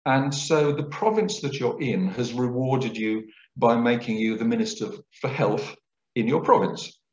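A man giving a public lecture, explaining things clearly in a lecturing manner. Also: mid-range voice, measured pace, darkish tone. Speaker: guest lecturer. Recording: roomy, dull lecture recording.

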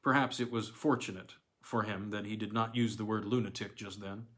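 A man narrating a classic novella in the first person, with a measured, theatrical reading. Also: lowish voice, fairly even intonation, fairly bright tone. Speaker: audiobook reader.

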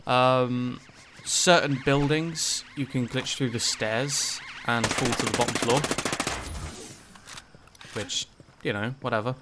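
A man's voice: mid-range voice, steady tone, slow pace, heavy background noise. A man giving casual gameplay commentary, rambling with lots of ums and likes and some swearing. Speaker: gaming channel host.

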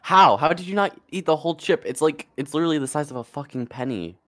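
A man's voice: fairly high pitch, lively intonation, fast, fairly bright tone. A young man in casual chat with friends, blunt and teasing, swearing freely.

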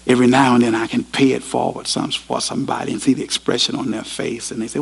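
A pastor giving a sermon in a university chapel, earnest and storytelling. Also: male voice, medium pitch, flat delivery, brisk, creaky, few pauses, slightly rough, poor audio.

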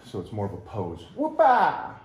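A man coaching a workout in a gym, energetic and joking as he explains the exercises. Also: mid-range voice, normal speed. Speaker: fitness coach. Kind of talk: casual workout vlog coaching. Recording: roomy echoey gym.

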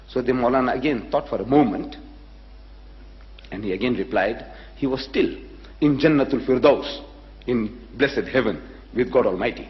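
An older man from South Africa giving a public lecture, telling a story and acting out both sides of a dialogue with long pauses. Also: mid-range voice, expressive. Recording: echoey hall, dull lo-fi recording.

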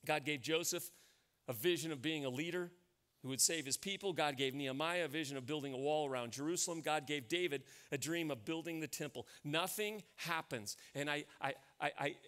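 A man's voice: a little high, fairly bright tone. Man, American accent, pastor, sermon, storytelling, emphatic, repeats phrases.

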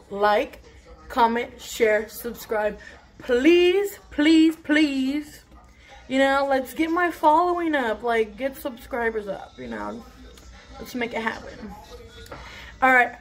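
A young woman telling a story in a casual vlog, chatty and rambling with lots of swearing, filmed on her phone at home. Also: a little high. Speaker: vlogger. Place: bathroom at home. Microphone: phone camera.

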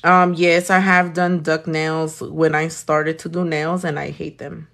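A woman's voice: low voice, flat delivery, unhurried, creaky, a bit bright. Sassy, foul-mouthed young woman chatting. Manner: blunt, sassy, swears a lot. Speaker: nail artist streaming while doing her nails. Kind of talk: casual chat with live viewers.

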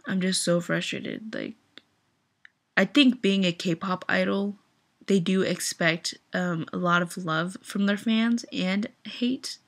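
A young woman fan vlogger with a lowish voice and vocal fry speaks slowly and steadily in a teary, upset rant, leaning again and again on the word "like".

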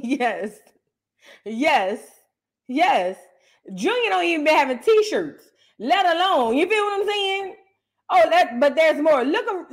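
A woman with a high voice hosts a reaction show. She talks in a loose, brash way, mocking and swearing freely as she reacts. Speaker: host. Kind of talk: casual reaction commentary.

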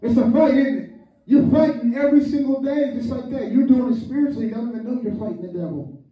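Older pastor, lively joking sermon, high voice, muffled distant recording in a big echoey church. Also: male voice, fast talker. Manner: call-and-response preaching, joking asides. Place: church sanctuary. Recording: echoey hall, distant, dull lo-fi.

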